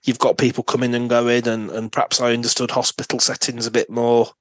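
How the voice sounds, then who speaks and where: A man's voice: mid-range voice, little pitch movement, brisk, no room sound. A man in a casual podcast chat who talks freely and asks questions. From United Kingdom. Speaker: podcast co-host.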